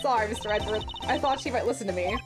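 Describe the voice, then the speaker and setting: A woman's voice: mid-range voice, very fast, lightly acted. A woman voicing an eager, chatty young female sidekick in a game. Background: game music.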